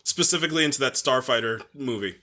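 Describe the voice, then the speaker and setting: A man's voice: mid-range voice, lively intonation, fast talker, sharp tone. A man co-hosting a podcast in casual chat, rambling and joking with lots of fillers. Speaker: podcast co-host.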